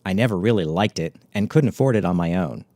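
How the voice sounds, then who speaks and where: A middle-aged man telling a memoir story in a wry, catty, deadpan way. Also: deep voice, fast talker, dry recording.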